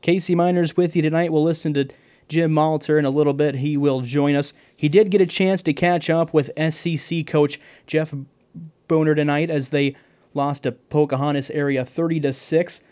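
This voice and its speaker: A man hosts a local radio sports scoreboard show. His voice sits a little high, and he rattles through station IDs and upcoming segments so quickly that he has to stop and catch his breath. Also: fairly even intonation, a little mellow. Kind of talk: fast radio sports announcing.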